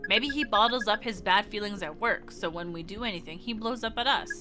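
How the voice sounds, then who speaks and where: A woman reading the part of a cautious, reasonable teenage girl aloud from a visual novel, in a calm, reasoning manner. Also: medium pitch, fairly quick, close to an everyday voice. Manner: calm, reasoning, mildly preachy. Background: game music.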